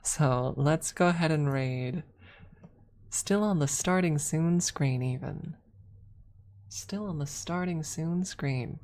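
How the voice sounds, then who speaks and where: A woman streamer in a soft-spoken ASMR style, chatting gently with her viewers, giggling and slipping into whispers, calling them her lovelies. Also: deep voice, slow. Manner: affectionate, calls chat her lovelies.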